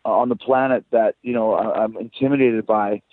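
A man's voice: lowish voice, steady tone, fairly quick, no echo. A man, a rock band frontman, chatting loosely as a guest in a phone interview, swearing and storytelling. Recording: tinny dry phone line.

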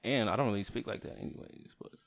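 A man's voice: on the low side, quick pace, creaky. A man co-hosting a podcast, joining in casual, teasing banter. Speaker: podcast co-host. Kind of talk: casual chat.

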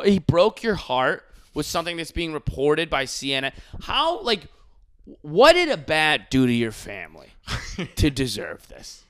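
A man in casual podcast chat, ranting with animated profanity. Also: fairly high pitch, a little slow.

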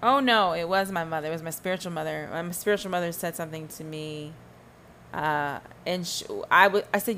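A woman's voice: on the low side, a little fast, bright, forceful tone, a little hiss or hum. A woman hosting a solo podcast, ranting emphatically and sarcastically, firing rhetorical questions and humming asides. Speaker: podcast host.

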